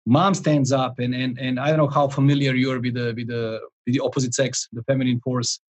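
A man in his forties, a life coach, telling a story in a podcast interview, animated and rambling, with frequent restarts and chuckles. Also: medium pitch, fairly quick, poor audio.

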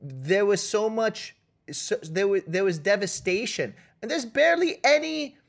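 A man co-hosting a comedic movie-debate podcast, arguing in a loud, mock-indignant way and tagging his lines with "okay?" and "all right?". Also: high voice, expressive, a little slow, gravelly. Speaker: podcast co-host.

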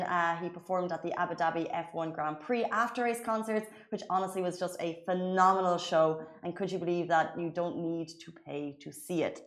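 A woman co-hosting a casual news chat show, talking in a chatty way with quick asides and easy laughter. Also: on the low side. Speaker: show co-host.

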